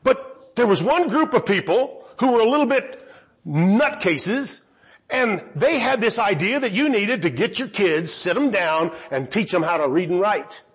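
Lively high-voiced male Bible teacher. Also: a little slow, husky, lo-fi sound. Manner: asks rhetorical questions and answers them.

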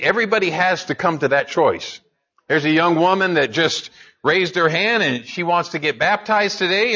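High, bright-voiced preacher man. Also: lo-fi sound. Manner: conversational preaching, rising to emphatic peaks. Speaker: pastor. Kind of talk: sermon.

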